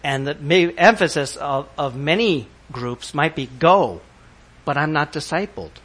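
A man's voice: fairly high pitch, animated, a little slow, fairly bright tone. A man preaching a sermon, emphatic and asking his congregation rhetorical questions. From not from the country where he preaches. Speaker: pastor.

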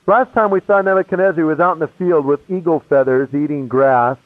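A man's voice: a little high, a little fast, dry recording. A man preaching a sermon, telling his own conversion story in a casual, slangy way. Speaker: pastor. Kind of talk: sermon with personal testimony. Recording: tinny phone-like radio broadcast.

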